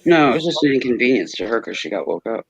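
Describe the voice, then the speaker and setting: A man's voice: medium pitch, sing-song, fast talker, gravelly, breathy edge. A man chatting casually on a stream, making dry, matter-of-fact remarks. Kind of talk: casual chat. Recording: dry, dull lo-fi audio.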